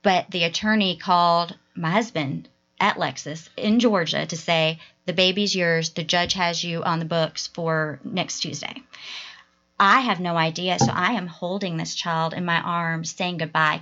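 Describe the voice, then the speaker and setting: A woman's voice: lowish voice, vocal fry, sharp tone. A woman, a guest and adoptive mother, telling a heartfelt personal story in a chatty way, often quoting herself. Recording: dull lo-fi podcast recording.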